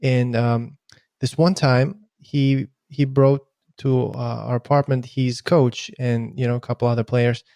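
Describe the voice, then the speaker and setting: Halting Russian-raised man host. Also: mid-range voice, steady tone, dark tone, no echo, clean studio sound. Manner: halting, stammering restarts. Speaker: podcast host. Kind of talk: casual interview chat.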